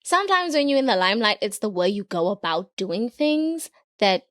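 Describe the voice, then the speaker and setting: Lively woman podcast host. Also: mid-range voice, normal speed, no echo, studio quality. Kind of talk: casual chat.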